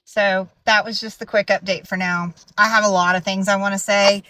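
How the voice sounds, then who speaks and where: A woman's voice: mid-range voice, steady tone, moderate pace, sharp tone, no room sound. A young woman, chatting casually with fillers and restarts in a true crime video update. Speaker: true crime content creator.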